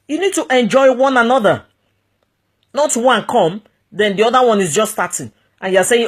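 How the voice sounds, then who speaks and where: A woman with a Nigerian accent and a voice on the high side speaks a little slowly, giving marriage advice in an animated monologue. She's emphatic and repetitive, full of exclamations and pidgin phrases.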